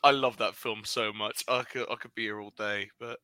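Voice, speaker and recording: Man, very sharp bright tone, dry quips, close dry sound. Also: fairly low pitch, fairly even intonation, normal speed, no room sound. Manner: dry quips, trailing fillers. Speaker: podcast co-host. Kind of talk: casual wrestling chat.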